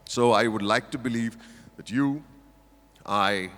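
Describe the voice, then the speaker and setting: At a corporate event, a motivational speaker, an older man with an Indian English accent, delivers a funny stage talk that playfully ribs the audience. His medium-pitched, fairly bright voice moves a little slowly, echoing through a large, reverberant auditorium.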